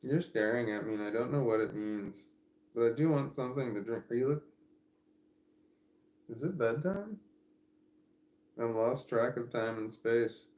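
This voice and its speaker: A man in his forties with a gravelly, creaky voice, rambling candidly on a casual livestream. His pitch sits in an ordinary middle range. The sound rings around an echoey room. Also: unhurried, pauses often, a little mellow. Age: 40s. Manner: rambling and candid, thinking aloud. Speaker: streamer.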